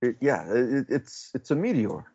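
A man's voice: mid-range voice, sing-song, measured pace, dark tone, slightly rough, lo-fi sound. A man playing a character in a tabletop role-playing game, stammering and restarting his words. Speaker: player. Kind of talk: casual tabletop play.

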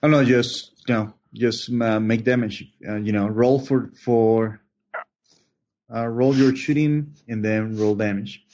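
A man running a tabletop horror game as game master, narrating slowly with many fillers and pauses. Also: medium pitch, fairly even intonation, a little mellow. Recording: dull lo-fi online voice chat.

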